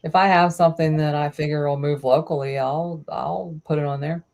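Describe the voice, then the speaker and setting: A woman chatting as a guest reseller on a live stream, relaxed and quick with short agreeing replies. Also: sits low. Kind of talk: casual live-stream chat.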